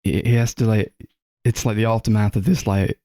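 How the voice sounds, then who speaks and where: A man's voice: lowish voice, steady tone, fairly quick, warm tone, no echo, studio quality. A young man co-hosting a podcast, chatting casually about a show and rambling through lots of fillers and swearing. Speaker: podcast co-host. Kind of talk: casual film chat.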